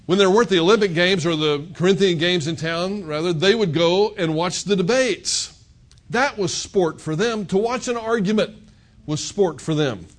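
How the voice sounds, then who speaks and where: A man's voice: sits high, moderate pace. A male pastor preaching an expository sermon in a conversational, emphatic way, full of rhetorical questions.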